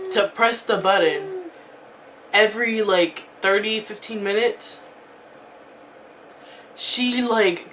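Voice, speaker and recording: A woman's voice: fairly low pitch, a bit bright, distant mic, slight background noise. A teenage girl telling a storytime vlog, chatty, filling her talk with "like" and "um". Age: teens. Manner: chatty, lots of "like" and "um", laughing asides. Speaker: vlogger.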